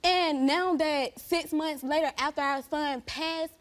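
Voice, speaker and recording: A young woman with a high-pitched voice speaks on a television talk show stage. She is grieving and pleading, and her voice rises into loud accusation. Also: takes it slowly. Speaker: guest. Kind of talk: emotional talk show testimony.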